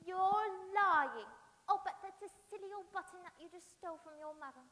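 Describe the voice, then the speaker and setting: A haughty, taunting little girl, as a woman puts her on, high-pitched and bossy. She teases with a smug edge. A long hall reverb trails each line. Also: normal speed, fairly bright tone.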